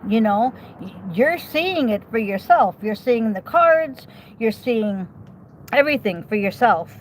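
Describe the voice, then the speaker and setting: A woman's voice: fairly high pitch, animated, a little slow, a little hiss or hum, poor audio. A woman giving a casual tarot reading outdoors, chatty and reassuring, often checking in with the listener. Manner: chatty, reassuring, many okays and rhetorical questions. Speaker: tarot reader.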